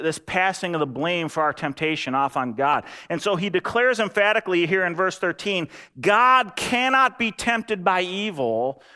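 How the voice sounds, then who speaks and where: A middle-aged man preaching a sermon as pastor, emphatic and animated, repeating phrases for weight. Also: fairly high pitch.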